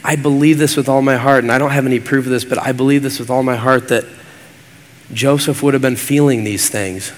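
A male pastor preaching a sermon with an earnest, repetitive cadence. His voice sits at an ordinary pitch. It rings out with a long reverb that fills the church hall around him. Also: steady tone, brisk.

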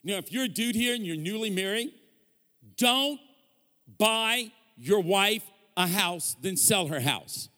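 A man's voice: sits high, lively intonation, slow pace, bright, forceful tone. A man preaching a sermon as a guest pastor, telling stories animatedly, acting out quoted voices and joking with the congregation. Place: church hall. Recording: long church reverb.

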